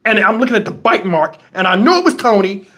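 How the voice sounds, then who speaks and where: A middle-aged man hosting a casual livestream, telling a story in an animated, exasperated way with a lot of cursing. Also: sits high, fast. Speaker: YouTube channel host.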